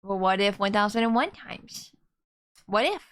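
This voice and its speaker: A woman's voice: medium pitch, lively intonation, noisy background, close to an everyday voice. A woman reading as a formal male prosecutor. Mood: earnest. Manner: formal, measured reasoning. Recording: game music behind voice.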